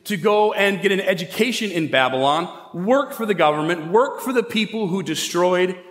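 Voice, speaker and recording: A man preaching a sermon as pastor, retelling a story in a casual, conversational way with quick asides. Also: sits high, lively intonation, a bit bright. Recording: echoey hall with long reverb.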